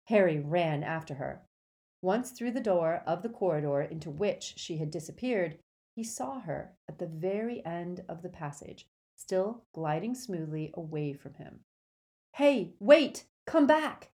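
Female audiobook narrator, steady and mellow, a little low. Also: a little slow. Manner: steady storytelling delivery.

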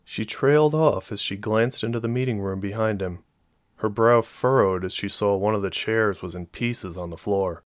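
A man narrating a novel as an audiobook in a steady, even storytelling voice. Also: fairly low pitch, moderate pace, no room sound.

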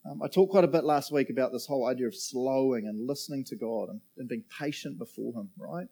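In a church auditorium, a middle-aged pastor talks fast in a medium-pitched, dark-toned voice. He preaches his sermon in a chatty, joking way, laughing often and asking the room questions.

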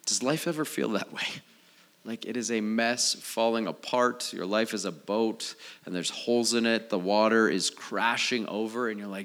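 A man preaching a sermon as pastor, swinging from quiet, low asides to loud, raised outbursts. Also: normal speed. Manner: animated, swings from low and soft to loud and high.

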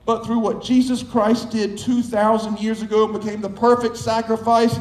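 A high-voiced male pastor preaching an emphatic sermon, stacking up repeated phrases. His voice rings out through a reverberant church hall. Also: little pitch movement, normal speed. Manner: emphatic, building with repetition.

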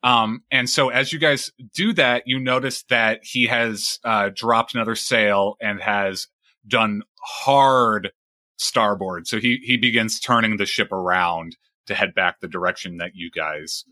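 A man's voice: on the low side, steady tone, a little slow, pushed and bright, no echo. A man narrating as game master of a tabletop role-playing game, loose and full of fillers and restarts.

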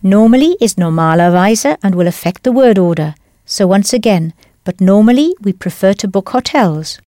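A woman's voice: medium pitch, animated, moderate pace, warm tone, no room sound. Patient woman teaching in a dry studio. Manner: clear, patient, encouraging. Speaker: language teacher. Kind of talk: scripted language lesson narration.

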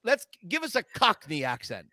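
A man's voice: sits high, huge pitch swings, normal speed, sharp tone, no echo, studio quality. A man co-hosting a podcast, enthusiastic and effusive, often restarting his sentences. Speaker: podcast co-host. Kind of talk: casual podcast chat.

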